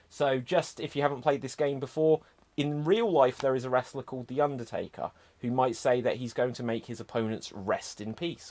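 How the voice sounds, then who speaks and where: Man, improv show host, upbeat, loose and chatty, mid-pitched voice. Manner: upbeat, loose, lots of fillers and asides. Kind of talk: chatty hosting of an improv game.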